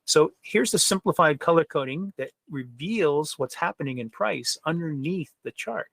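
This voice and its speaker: A man presenting trading software in a conversational webinar, with frequent fillers and rhetorical questions. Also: on the high side, animated, moderate pace, creaky, no echo.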